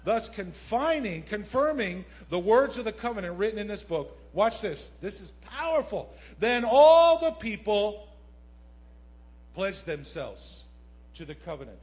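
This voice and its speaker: High-voiced guy preaching in church, lively, keeps throwing asides at the crowd. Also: moderate pace. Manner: animated preaching with asides to the congregation. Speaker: pastor. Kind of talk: sermon. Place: church sanctuary.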